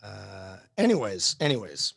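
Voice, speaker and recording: A man's voice: fairly low pitch, very animated, measured pace, gravelly, fairly bright tone, slightly rough, dry recording. A man teaching history in a casual live class discussion, rambling with many fillers and restarts.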